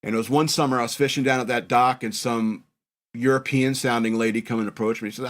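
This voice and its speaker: A man's voice: mid-range voice, steady tone, fast. Man, forties, podcast host, rambling, laughs at himself. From northern New York. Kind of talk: casual reminiscing chat.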